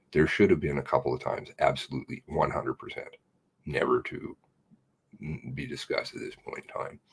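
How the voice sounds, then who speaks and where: A man's voice: extremely low pitch, vocal fry, fairly bright tone, breathy edge. A man live streaming, chatting casually and reading viewer comments aloud in a rambling, self-mocking way. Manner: rambling and self-mocking, jumping between laughs and mutters.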